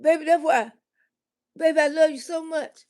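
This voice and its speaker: Woman doing a soft, begging sheepish boyfriend. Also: high voice, fairly even intonation, normal speed, voice pushed up, lightly acted. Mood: pleading. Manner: soft, begging, repeats "baby". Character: pleading sheepish adult boyfriend.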